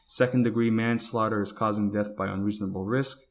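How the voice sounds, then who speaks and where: A man's voice: fairly low pitch, steady tone, brisk. A man hosting a talk podcast, reading news reports aloud and stumbling over words, with casual asides. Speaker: podcast host.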